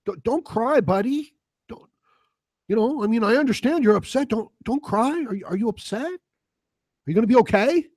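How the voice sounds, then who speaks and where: A man voicing a fawning man who soothes a crying politician, in a mocking, exaggerated falsetto. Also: lively intonation, normal speed, a little mellow, dry recording, clean studio sound. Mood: mock concern.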